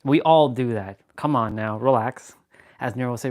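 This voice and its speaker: A man's voice: mid-range voice, moderate pace, long pauses, soft background music. A man chatting casually on a phone live stream, goofy and joking, poking fun at himself. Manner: goofy, joking, self-mocking.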